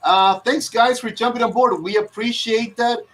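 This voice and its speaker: A man's voice: very high voice, normal speed, a bit bright. A man hosting a casual live video-call chat, rambling with frequent fillers and restarts. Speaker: host.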